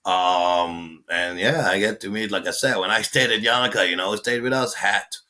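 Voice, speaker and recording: Guy in his forties, low punchy voice, lively storyteller who swears and acts out quotes. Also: moderate pace. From Israel. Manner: animated, swearing, acting out quotes. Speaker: guest, tattoo artist. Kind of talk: casual storytelling.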